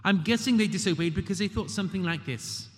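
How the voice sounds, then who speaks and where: Male preacher, slightly high voice, emphatic and questioning, church with long reverb. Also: fast talker, husky. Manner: emphatic, rhetorical questions, dramatic quoting. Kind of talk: sermon. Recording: long reverb of a large hall.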